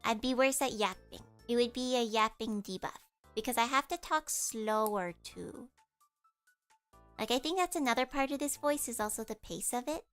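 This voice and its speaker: A woman's voice: on the high side, moderate pace, soft background music. A woman streamer chatting casually with her viewers in a nasal voice, explaining things as she goes. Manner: chatty, explains with vocal demos.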